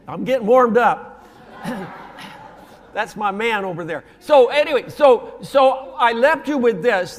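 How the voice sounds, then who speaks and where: A male pastor preaches in a lively, conversational style, slipping into slang and acting out quotes. His voice sits very high for a man. The sound carries a long reverb from a large church sanctuary. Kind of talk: sermon.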